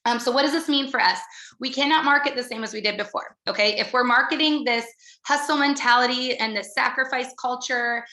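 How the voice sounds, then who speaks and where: A woman coaching her business team in a motivational talk, talking fast and earnestly, with many fillers and restarts. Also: high voice, sharp tone, reverberant.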